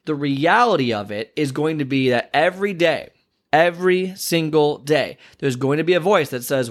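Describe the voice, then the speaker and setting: A man's voice: on the high side, expressive, normal speed. A man who works as a fitness trainer and coach, giving an earnest motivational talk full of emphatic repetition.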